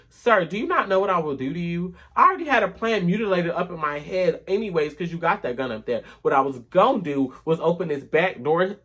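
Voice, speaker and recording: A woman vlogger telling a story in a sassy, animated way, often dropping to low mutters. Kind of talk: casual storytime rant.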